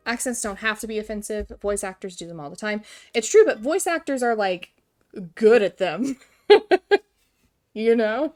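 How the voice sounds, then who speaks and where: A woman's voice: mid-range voice, lively intonation, normal speed, darkish tone, faint music behind. A woman in her twenties from Kansas with an American accent, chatting casually on a live stream in a self-deprecating, giggly way. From Kansas, USA.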